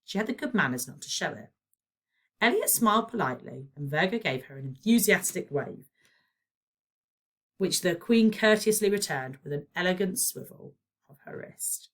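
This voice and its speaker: A woman with a British accent, a primary school teacher, reading a children's novel aloud with expressive storytelling. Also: lowish voice, moderate pace. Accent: British English.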